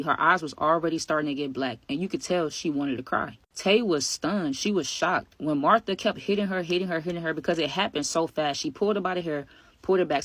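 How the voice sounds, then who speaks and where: A man telling a personal story to his viewers in a casual, animated, slangy way, often speaking straight to the audience. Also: a little high, no echo. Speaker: storytime vlogger.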